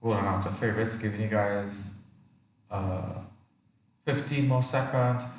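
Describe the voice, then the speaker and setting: A man's voice: fairly low pitch, measured pace, a little hiss or hum. A male teacher running an online exam revision class, asking students many questions and reading sentences aloud to show intonation. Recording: echoey room, distant mic.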